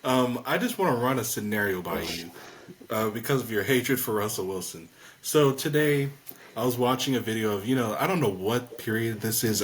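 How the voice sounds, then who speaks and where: A man's voice: on the low side, slight background noise. A man co-hosting a casual fantasy football podcast, rambling and hesitant, laughing easily. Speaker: podcast co-host.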